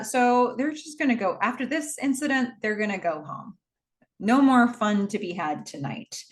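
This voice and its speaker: A woman talking through a film recap in a loose, rambling way, with wry asides. Her voice sits at an ordinary middle pitch. She often restarts her sentences and fills pauses with "um" and "like". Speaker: movie recap host. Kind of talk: casual movie recap.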